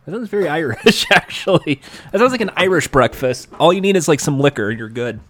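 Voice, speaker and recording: Playful man from California, lively pitch. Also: brisk. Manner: playful, joking, filler-heavy. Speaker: podcast co-host. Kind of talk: casual chat.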